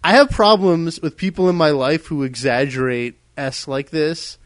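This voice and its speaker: A man's voice: on the high side, normal speed, no room sound. A man co-hosting a podcast in a casual discussion, ranting heatedly and emphatically. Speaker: podcast co-host.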